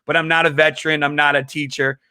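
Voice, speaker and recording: A man telling a story as a comedian guest, animated, laughing often and acting out the people he quotes. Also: a little high, quick pace, no echo, clean studio sound. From Chicago. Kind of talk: casual storytelling in an interview.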